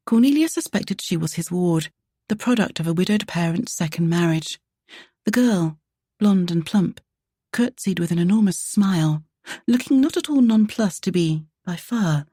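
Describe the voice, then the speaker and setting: A woman narrating a romance audiobook in a measured, even way. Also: fairly low pitch, breathy edge, dry recording, studio quality.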